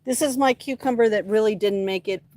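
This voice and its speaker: A woman's voice: mid-range voice, brisk, darkish tone, dry recording. Chatty woman touring her garden. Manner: chatty, talks to her plants by name. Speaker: livestream host. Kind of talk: casual chat.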